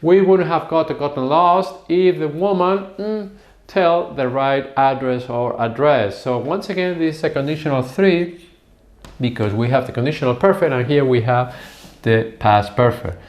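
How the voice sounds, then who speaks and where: A man's voice: a little high, moderate pace. A man teaching English grammar at a whiteboard, explaining patiently step by step and drawing out words as he writes. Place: classroom with a whiteboard. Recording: echoey room.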